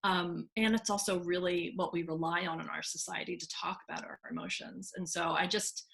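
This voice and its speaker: Creaky-voiced woman, lively conversation. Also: a little fast. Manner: animated, acts out quoted voices with pitch jumps. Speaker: speech language pathologist. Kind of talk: casual conversation.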